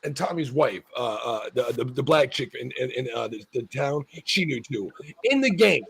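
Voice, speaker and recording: A man's voice: medium pitch, very animated, normal speed, gravelly, husky. A man hosting a casual talk show, rambling profanely with many restarts as he argues his point. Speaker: podcast host. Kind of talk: casual chat.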